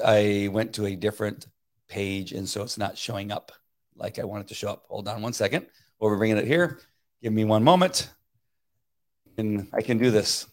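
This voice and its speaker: A man's voice: on the low side, steady tone, normal speed, pauses often. Emphatic man hosting a livestream. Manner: emphatic, repetitive, many fillers and restarts; mutters to himself while fixing technical problems. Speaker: livestream political commentary host. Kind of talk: casual livestream commentary.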